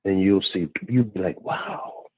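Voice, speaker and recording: A man calling in to a radio talk show, speaking earnestly and haltingly, with many restarts. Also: sits low, creaky, breathy edge, no room sound. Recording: tinny phone line.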